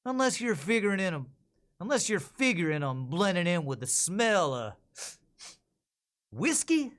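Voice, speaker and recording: A man's voice: high-pitched, sing-song, a little slow, a bit bright, pitched above the performer's own voice, full character voice. A man doing a drawling Texas marshal. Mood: stern, taunting. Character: gruff Texas lawman, a heroic marshal.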